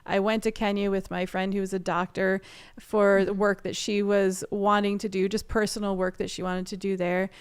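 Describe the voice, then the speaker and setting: Smooth-voiced woman telling her story. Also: medium pitch, moderate pace. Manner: animated storyteller, laughs often. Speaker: guest artist and photographer. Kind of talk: casual storytelling interview.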